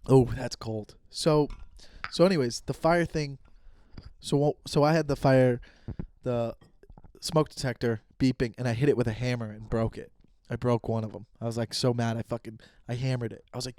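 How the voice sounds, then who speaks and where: A man's voice: medium pitch, normal speed, long pauses, no room sound, studio quality. A man in his thirties hosting a solo comedy podcast, ranting in a rambling, profane way and acting out quoted conversations. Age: 30s. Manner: animated, profane, rambling rants with quoted dialogue. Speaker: podcast host.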